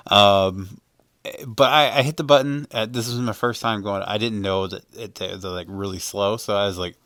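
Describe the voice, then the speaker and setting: Man, low voice, smooth, dry close mic, rambling casual voice-over. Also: steady tone, measured pace, a bit bright, no echo. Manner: rambling, laughing, many fillers. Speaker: vlogger.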